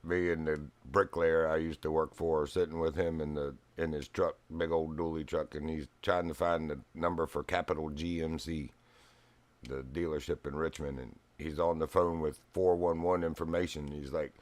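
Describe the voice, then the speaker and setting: A man's voice: a bass voice, level tone, moderate pace, no echo. A man from Virginia streaming a fishing game, telling rambling stories with frequent chuckles. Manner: rambling storyteller, chuckles often. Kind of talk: casual gaming stream chat.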